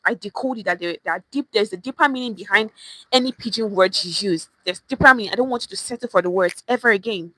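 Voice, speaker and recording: A young Nigerian woman with a Nigerian accent leads a Pidgin English lesson on a livestream. Her voice is bright and a little high, recorded dry and close. She talks in an animated way, repeating phrases to show how tone changes their meaning. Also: no echo, low-quality recording.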